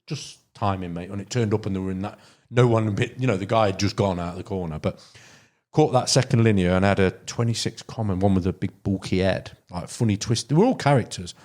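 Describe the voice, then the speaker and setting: Speaking quickly in a lowish, darkish voice, a Derbyshire carp angler tells drawn-out fishing stories as a podcast guest. The chat is casual and meandering, packed with false starts and filler words.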